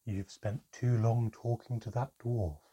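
A man voicing a calm, terse older female goblin who speaks slowly and quietly. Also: medium pitch, slightly rough, muffled recording. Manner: slow, quiet and measured.

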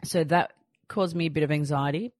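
A woman's voice: low voice, a little fast, a little mellow, dry recording, studio quality. A woman in her thirties hosting a podcast, chatting and telling stories with rambling asides. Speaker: podcast host. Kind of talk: casual chat.

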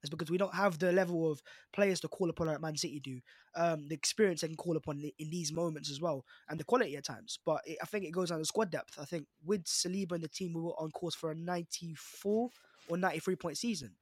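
A man's voice: fairly high pitch, slightly rough, dry recording, studio quality. A young man with a London accent arguing emphatically in a casual football podcast debate. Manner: fast, emphatic, argumentative. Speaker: podcast panelist, Arsenal fan.

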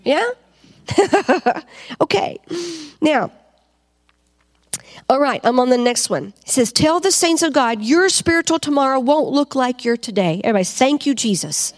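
A woman preaching a fervent sermon to a congregation, asking them questions and rising to loud cries. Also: sits high, lively intonation, unhurried, long pauses. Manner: asks the crowd questions.

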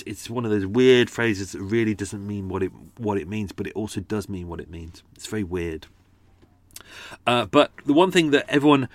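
Chatty male host, low voice, dry close sound, rambling and self-mocking asides. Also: no room sound. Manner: chatty, self-deprecating, with frequent fillers and restarts; does character accents for his stories. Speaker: podcast host and storyteller. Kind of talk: casual rambling chat to listeners.

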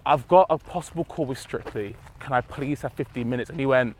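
In a casual podcast chat, a guest with a mid-range voice tells stories at a brisk pace, animatedly acting out the quotes of the people in them.

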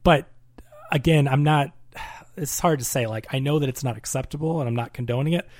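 A man in a casual movie podcast, walking through a plot in a loose, rambling way with many fillers. His voice sits at an ordinary middle pitch. The recording is dry and close, with no room sound. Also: a little fast, darkish tone, no room sound. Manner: rambling recaps with lots of fillers. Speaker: podcast co-host.

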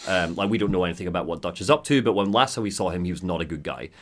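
A man's voice: sits low, expressive, very fast, fairly bright tone, slight background noise. A man co-hosting a casual chat, enthusiastic and laughing often as he talks. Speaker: podcast co-host.

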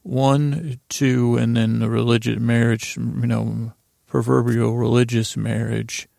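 A man's voice: mid-range voice, little pitch movement, takes it slowly, vocal fry, warm tone, no echo, clean studio sound. A man hosting a podcast, casually recapping a TV episode in a rambling, conversational way. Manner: rambling, conversational, often restarting and retelling scenes. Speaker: podcast host.

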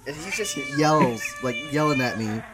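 A speaker chatting casually on a livestream podcast, halting and filler-heavy, laughing often. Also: medium pitch, expressive, background noise. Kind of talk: casual chat.

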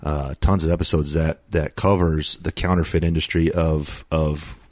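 Male co-host, very low voice, dry close sound, halting and repetitive speech. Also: level tone, a little mellow, no echo. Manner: halting, repeats words while searching for them. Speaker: podcast co-host. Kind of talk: casual chat.

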